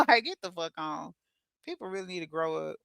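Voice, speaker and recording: A woman hosting a casual livestream, reading chat comments aloud and answering them bluntly, cursing often and laughing loudly at her own jokes. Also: lowish voice, very animated, a little fast, gravelly, clear, resonant tone, no echo.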